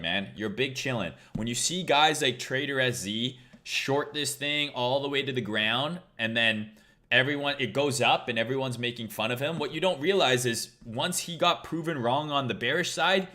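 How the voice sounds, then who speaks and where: A man's voice: mid-range voice, pushed and bright. A man hosting a trading livestream, talking casually in a blunt, profane, rambling way.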